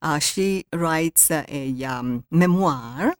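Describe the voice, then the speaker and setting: An older woman from Italy with an Italian accent, a guest author who talks haltingly with many ums and reads from her novel. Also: low-pitched, no echo, studio quality. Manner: hesitant, many ums and uhs. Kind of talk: interview, reading from her novel.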